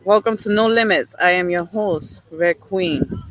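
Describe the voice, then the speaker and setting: A bright, crisp-toned woman hosts a casual live stream from outdoors by a lake, talking into her phone. She is chatty and upbeat and keeps greeting viewers by name. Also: fairly low pitch, a little slow, a little hiss or hum, poor audio. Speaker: live show host.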